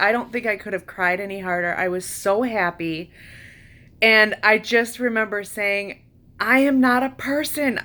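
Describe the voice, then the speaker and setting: A woman telling a personal story in a casual, emotional way, full of fillers, with her voice leaping high when she quotes herself. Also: pushed and bright. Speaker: vlogger recounting a retreat.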